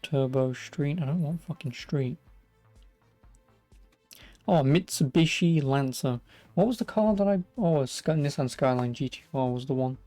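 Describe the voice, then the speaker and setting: A man's voice: a little high, unhurried, warm tone, no echo, faint music behind. A young English man with an English accent giving sarcastic, swearing, casual commentary as he streams a racing game. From England. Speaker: gaming streamer. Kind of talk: casual let's-play commentary.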